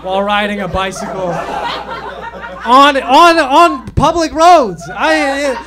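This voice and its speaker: A man's voice: extremely high pitch, lively intonation, takes it slowly. A young man doing a rambling, self-deprecating stand-up set on a comedy club stage, with plenty of fillers and restarts.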